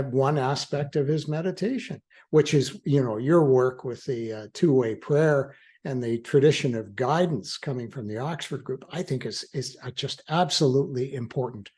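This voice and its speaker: An older man talks through his ideas in a relaxed interview. He is earnest and halting, circling back and restarting his sentences, and he laughs easily. His voice sits at an ordinary, middle pitch. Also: husky. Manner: halting, with frequent restarts and fillers. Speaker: guest, attorney in recovery. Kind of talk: reflective conversational interview.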